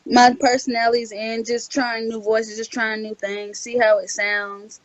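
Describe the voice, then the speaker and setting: A woman's voice: a little high, level tone, a little slow, no echo. Hesitant young woman, dry and dull-sounding. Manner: hesitant, many fillers and restarts. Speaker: voice-over actress, interview guest. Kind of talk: casual interview answers.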